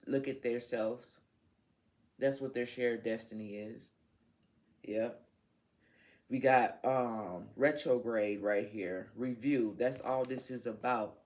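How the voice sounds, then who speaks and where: A woman giving a casual tarot reading to her viewers, frank, swearing freely and laughing as she talks. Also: extremely low pitch. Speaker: tarot reader.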